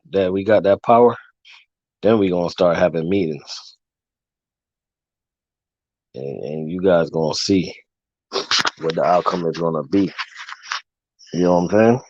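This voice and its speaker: A man hosting a casual livestream, talking loosely with fillers and giving long shout-outs. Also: low voice, no room sound. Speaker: livestream host. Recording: dull, lo-fi dry sound.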